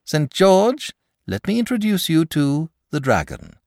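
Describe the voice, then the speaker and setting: An eager, blunt young boy, brisk and impatient, in a storybook reading, as a man puts him on. His voice sits high and jumps around, recorded dry and close. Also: wildly swooping pitch, a little mellow, no room sound, heavily acted.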